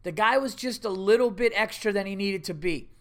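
A middle-aged man hosting a podcast, telling a story in a casual, animated and exasperated way, swearing freely. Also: high-pitched, brisk. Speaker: podcast host.

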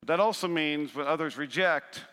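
Bright-voiced preacher in a reverberant hall. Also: male voice, fairly high pitch, normal speed, clean tone. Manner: preaching with rising bursts of intensity and call-and-response to the congregation. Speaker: pastor. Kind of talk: sermon. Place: large church sanctuary. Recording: long church hall reverb.

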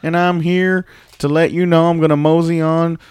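A man's voice: a little high, level tone, moderate pace, darkish tone, clean tone, no echo, clean studio sound, pitched above the performer's own voice, natural voice. A man doing a drawling southern wrestler. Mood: taunting. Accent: American Southern, put on.

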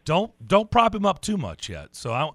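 A man hosting a sports radio show, chatting with a guest in a playful, drawn-out way. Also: fairly high pitch, wildly swooping pitch, fairly bright tone, dry recording.

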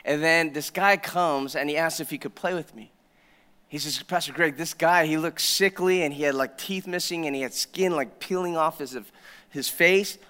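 A male pastor delivers a sermon in a church sanctuary, his voice pitched high for a man and bright in tone. He tells his story in a conversational way, dropping to hushed asides and then rising to loud, emphatic declarations. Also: normal speed.

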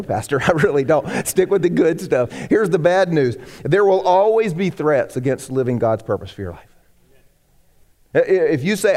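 A man preaching a sermon as pastor, animated and acting out the people he quotes. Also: fairly high pitch, long reverb tail. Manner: animated, acts out quoted voices. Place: church sanctuary.

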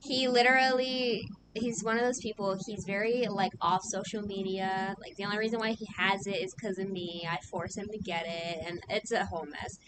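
A young woman co-hosting a casual chat, telling stories in an animated way, swearing freely and laughing often. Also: medium pitch, moderate pace, hardly any pauses, background noise. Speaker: podcast co-host.

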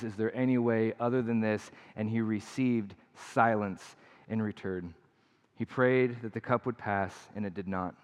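Earnest male pastor preaching in a hall. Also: medium pitch. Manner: earnest, emphatic preaching with repeated phrases. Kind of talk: sermon. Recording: long hall reverb.

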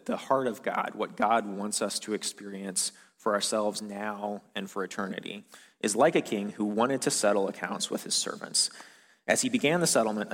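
Male pastor, lowish voice, chatty sermon delivery, long church-hall reverb. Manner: casual, conversational preaching with many fillers.

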